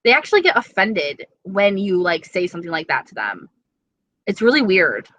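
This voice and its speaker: A woman's voice: medium pitch, huge pitch swings, moderate pace, a bit bright, no echo, lo-fi sound. A young woman chatting casually with viewers on a live stream, gushing and dramatic.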